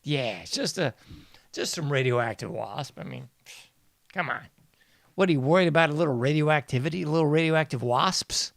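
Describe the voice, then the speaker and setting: A man's voice: fairly high pitch, normal speed, creaky, fairly bright tone, no echo, clean studio sound. A man hosting a casual news commentary show, mocking and sarcastic, laughing often. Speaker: podcast host.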